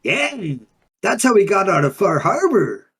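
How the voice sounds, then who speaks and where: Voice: mid-range voice, sing-song, unhurried, a bit bright, breathy edge, exaggerated voice. A performer playing a laid-back undine monk who talks in drawling surfer slang, in an improvised in-character interview. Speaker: player character.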